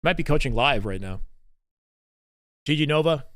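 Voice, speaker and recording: A man's voice: a little high, normal speed, no echo. Laid-back Canadian man streaming, dry sound. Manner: relaxed, chatty, many fillers like "like". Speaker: streamer and esports co-caster. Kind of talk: casual live-stream commentary.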